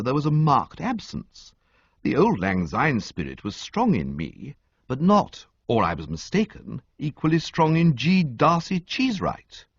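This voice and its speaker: A man narrating a comic audiobook with an expressive, sweeping storytelling delivery, on a dull, dry recording. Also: medium pitch, breathy edge, no room sound.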